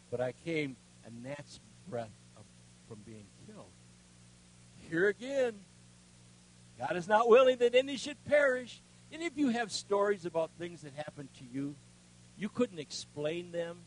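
An older man preaching a sermon, with a voice pitched a little high for a man. He tells his story in a folksy way, sinking quiet and then swelling loud. A faint hum runs under the recording. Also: animated, normal speed, low-quality recording. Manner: folksy storytelling with strong swings between hushed and loud. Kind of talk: sermon with personal testimony.

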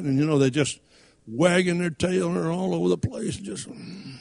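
A man preaching with a voice that sits a little high for a man. He reads scripture in King James wording and moves into folksy stories, swinging his pitch up and down as he teaches. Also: animated, normal speed, vocal fry, dark tone. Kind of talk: sermon.

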